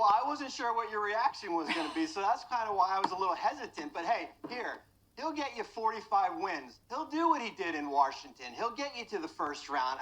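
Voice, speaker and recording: A man lays out a sports trade case in a calm, matter-of-fact way. His delivery is steady and analytical, like a studio analyst making his point. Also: high-pitched, poor audio.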